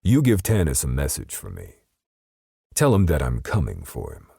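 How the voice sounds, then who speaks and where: A man voicing a ruthless male assassin who snarls his threats flatly, in an audiobook. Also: rumbling low, moderate pace, creaky, husky, no echo, studio quality, heavily acted. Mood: menacing.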